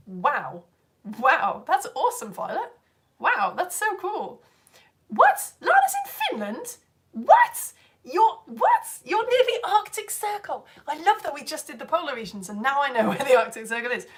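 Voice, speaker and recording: A woman, hosting a live stream and chatting excitedly as she reads out viewer comments. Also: high voice. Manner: chatty and excitable, bursts into laughter and squeals. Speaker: live show host reading viewer comments. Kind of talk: casual live-stream chat.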